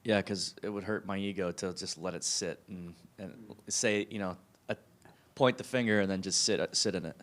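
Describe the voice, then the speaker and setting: A man with a low voice speaks up from the audience in a meeting room, hesitant and halting, stumbling and restarting before he gets his point out. His talk is casual and easygoing. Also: a bit bright. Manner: hesitant, halting, laughs easily. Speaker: audience member. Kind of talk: casual chat.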